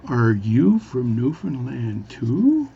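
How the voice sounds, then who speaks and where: A man voicing a naive Newfoundland traveller in a spoken joke, in a raised, higher voice. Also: a little fast, vocal fry, a little mellow, highs cut off, slight background noise.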